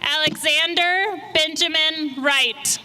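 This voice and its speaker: A woman announcing graduates' names at an outdoor graduation ceremony, enunciating each one clearly and steadily. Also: sits high, slow pace, noisy background. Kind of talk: unhurried name reading.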